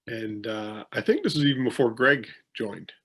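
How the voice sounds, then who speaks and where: This man co-hosts a podcast and also works as a wrestling promoter. His mid-range voice is a bit bright and husky, moving at a normal speed. In a casual chat, he tells rambling anecdotes full of restarts and fillers.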